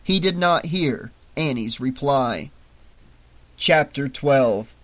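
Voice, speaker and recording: A man's voice: mid-range voice, lively intonation, takes it slowly, fairly bright tone. Man reading a horror audiobook. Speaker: audiobook narrator. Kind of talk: audiobook narration.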